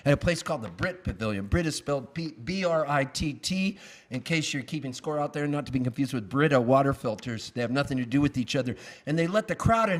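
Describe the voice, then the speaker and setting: A man's voice: on the high side, a bit bright. A man telling a wry, self-mocking story on a live stage, between songs. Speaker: singer-songwriter. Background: acoustic guitar.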